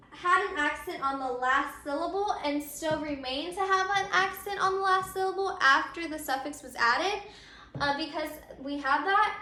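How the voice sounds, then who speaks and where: A woman's voice: high-pitched, pushed and bright. A woman teacher explaining grammar step by step, repeating her points with frequent ums. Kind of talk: recorded grammar lesson. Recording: echoey room.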